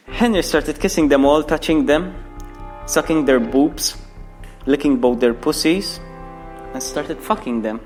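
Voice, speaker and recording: A man's voice: on the high side, measured pace, a little mellow, soft background music. A young man reading a crude comic story aloud, breaking off for mocking asides to the listener. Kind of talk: mock bedtime story reading.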